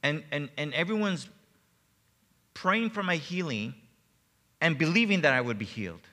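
A man preaches to his congregation, sharing a heartfelt personal story. His voice is bright and forceful, and he repeats words when moved. A long reverb from the church hall trails behind each phrase. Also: fairly high pitch, lively intonation, normal speed. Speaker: pastor. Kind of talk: sermon. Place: church sanctuary.

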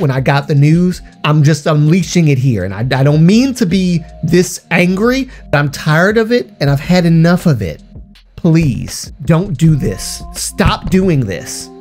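Heated, emphatic man with a slightly hoarse voice. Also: on the high side, expressive, a little slow, a little mellow, faint music behind. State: slightly hoarse after illness. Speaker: YouTuber. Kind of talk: ranting commentary vlog.

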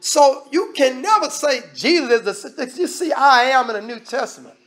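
A man's voice: very high-pitched, expressive, moderate pace, hardly any pauses. A man preaching a sermon as minister, emphatic and conversational, often restarting his sentences. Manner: preaching with emphatic, shifting loudness.

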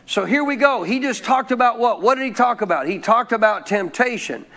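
A man's voice: very high voice, animated, a little fast, pushed and bright. A man preaching a sermon, asking his listeners questions and having them repeat phrases after him. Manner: preaching with call-and-response questions. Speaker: pastor.

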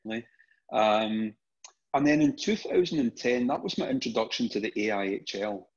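A man's voice: lowish voice, normal speed, husky. A middle-aged Scottish man, a podcast guest, telling stories casually with lots of restarts and repeated words. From Scotland. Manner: animated anecdotes with frequent restarts and repeated words. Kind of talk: casual storytelling. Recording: dull lo-fi podcast audio.

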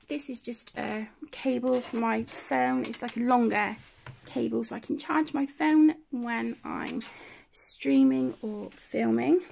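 A woman with a slightly high, gravelly voice chats through a tour of her colouring corner at home. She talks slowly and rambles, teasing herself as she goes. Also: darkish tone, slight background noise. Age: adult. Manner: chatty, rambling, self-deprecating. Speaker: colouring channel host. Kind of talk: casual room-tour chat.

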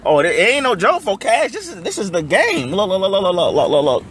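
A man's voice: sits high, big pitch swings, fast talker, fairly bright tone, slight background noise. A man hosting a phone livestream from inside his car, hyped and chatty, laughing often and calling his viewers y'all. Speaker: livestream host. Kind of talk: excited livestream chat to viewers.

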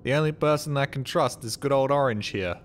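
A man's voice: medium pitch, brisk, slight background noise. A man streaming a game, talking casually and at length in a rambling, puzzled way, swearing freely as he plays. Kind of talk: casual live gameplay commentary.

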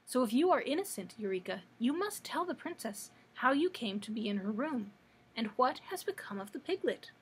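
A woman's voice: a little high, very animated, moderate pace, slightly rough, heavily acted. A woman voicing an earnest, anxious little girl in a storybook read-aloud. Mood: scolding. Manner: pleading, anxious.

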